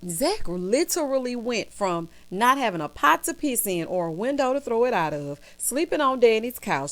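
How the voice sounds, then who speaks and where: A woman, giving a playful, sassy recap of a TV episode full of asides. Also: mid-range voice. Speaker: TV recap vlogger. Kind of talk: casual chatty review.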